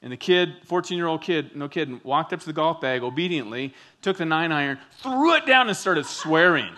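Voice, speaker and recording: A man preaching a sermon with a bright, forceful voice that sits a little high. He tells stories with animated delivery, acting out the quotes. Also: brisk, a little hiss or hum. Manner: animated storytelling, acts out quotes. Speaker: pastor.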